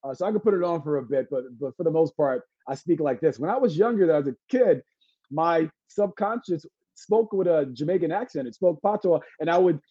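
A man from Brooklyn, a guest entertainer chatting on a podcast, telling animated stories with jokes and laughs. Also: a little high, fairly quick, slightly rough, no echo. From Brooklyn, New York. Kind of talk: casual podcast chat. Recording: dry, slightly dull lo-fi sound.

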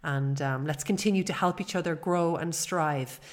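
A woman in her forties talks through a personal podcast episode, sincere and chatty, with the odd "um" along the way. Her voice sits a little low for a woman. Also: normal speed. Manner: warm, earnest and chatty, with fillers. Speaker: podcast host.

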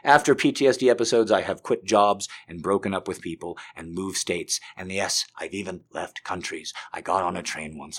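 A man giving an intense confessional monologue, swinging between hushed and loud. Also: low voice, normal speed, few pauses, slightly rough.

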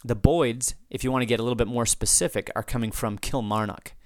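Male podcast host, unscripted and digressive, smooth dry voice, mid pitch. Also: fairly even intonation, a little fast, dry recording. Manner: rambling, off-the-cuff, frequent restarts and asides. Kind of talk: unscripted podcast talk answering listener feedback.

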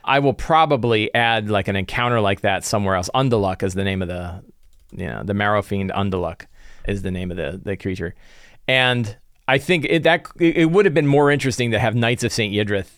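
A man's voice: fairly low pitch, brisk, a bit bright, dry recording, studio quality. A man who runs tabletop games, thinking aloud about his prep in a loose, conversational way. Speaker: game master. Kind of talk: casual solo game-prep talk.

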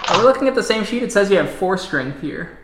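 A man acting as storyteller for a tabletop role-playing game, calling out dice rolls with relaxed "uh" pauses. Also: sits high, reverberant, soft background music.

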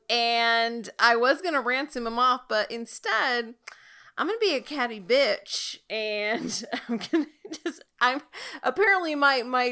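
A woman's voice: fairly high pitch, pushed and bright, clean tone. A woman voicing a sassy, catty male pirate captain in a flippant, gossipy way.

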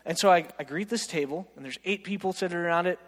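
Male preacher with a high voice, lively self-mocking anecdotes, echoing through a big church hall. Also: fast. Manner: animated, self-mocking storyteller, keeps asking "right?". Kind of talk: storytelling sermon. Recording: long reverb of a large hall.

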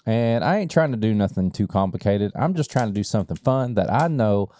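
A man's voice: fairly low pitch, animated, a little fast, mellow. A man co-hosting a casual podcast, bantering playfully with jokes. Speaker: podcast co-host. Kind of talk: casual chat.

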